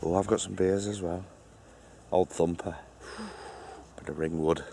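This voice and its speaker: A man's voice: low voice, fairly even intonation, a little slow, creaky, noisy background. A man chatting playfully to camera while cooking at a campsite, in a casual vlog. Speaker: vlogger. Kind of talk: casual camping vlog chat. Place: outdoors at a campsite.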